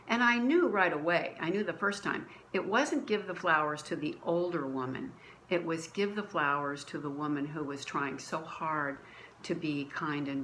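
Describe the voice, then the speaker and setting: Woman, low voice, church testimony recorded at home, earnest, restarts often, faint hiss. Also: fairly bright tone, low-quality recording. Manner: earnest storytelling with many restarts. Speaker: church member sharing a testimony. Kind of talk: personal faith story, conversational. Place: at home, dining room.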